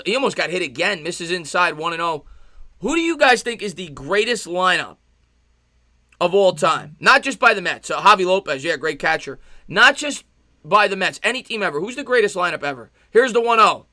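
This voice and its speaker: Host type: fired-up New guy, high, piercing voice, dry close mic, live play-by-play. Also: no echo. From New York. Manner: loud, passionate, fast-talking. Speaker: livestream sports host. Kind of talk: live play-by-play and chat reaction.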